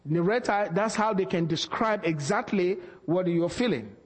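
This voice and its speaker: High-voiced preacher in a reverberant hall. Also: male voice, moderate pace. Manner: animated storyteller acting out dialogue. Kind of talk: sermon storytelling. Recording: long reverb of a large hall.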